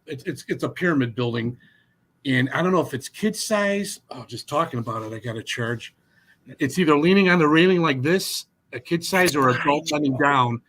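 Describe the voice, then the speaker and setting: A fairly high-pitched man, a paranormal investigator, recounts his experiences in a casual podcast chat. He's animated and restarts often.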